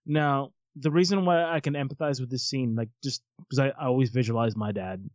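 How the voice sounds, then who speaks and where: A man co-hosting a casual movie watch-along, animated and swearing casually, quick to laugh. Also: mid-range voice, no room sound, lo-fi sound. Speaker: podcast co-host.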